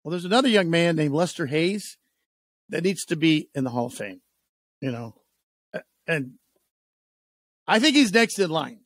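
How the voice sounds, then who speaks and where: A man hosting a radio sports show, chatting casually and telling animated stories that he acts out in voices, on a studio microphone. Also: fairly high pitch, normal speed, pauses often, no room sound. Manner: animated storyteller, does voices.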